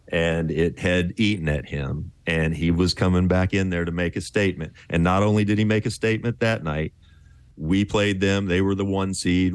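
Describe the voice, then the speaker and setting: A man in his fifties, a former pro basketball player, telling relaxed, chuckling stories in a casual interview. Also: sits low, no room sound.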